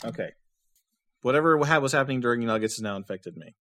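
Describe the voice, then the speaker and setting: A man's voice: medium pitch, expressive, fast talker, fairly bright tone, slight background noise. A man co-hosting a podcast, playful, redoing his lines and mocking himself. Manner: playful, retries lines with self-mockery. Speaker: podcast co-host. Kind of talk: casual podcast banter.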